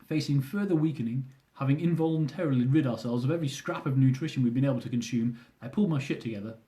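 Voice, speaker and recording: A man's voice: mid-range voice, quick pace, warm tone. A young man reading aloud from his own travel memoir, with dry, self-mocking humour.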